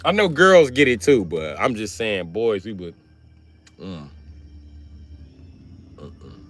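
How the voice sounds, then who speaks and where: Animated crude man telling stories. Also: lowish voice, slow pace. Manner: animated, crude, swings from loud to muttering. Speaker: livestreamer. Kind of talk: rambling comedic storytelling.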